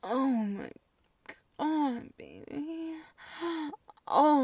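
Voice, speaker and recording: A woman in an intimate whispered role-play, breathy and drifting between hushed whispers and soft moans. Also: on the high side, big pitch swings, very slow, no echo, recorded from a distance. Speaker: audio role-play performer.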